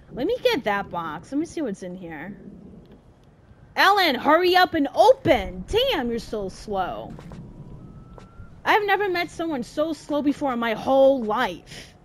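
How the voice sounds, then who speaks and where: A woman giving frustrated live commentary while playing a video game, shouting orders and complaints at the character. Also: fairly high pitch, a little hiss or hum. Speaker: gameplay streamer. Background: game music.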